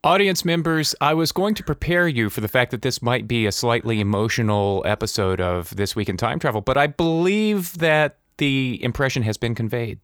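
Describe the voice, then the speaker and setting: A man co-hosting a podcast, talking in a measured, wry way. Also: medium pitch, lively intonation, a bit bright, no echo, studio quality. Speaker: podcast co-host. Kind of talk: casual chat.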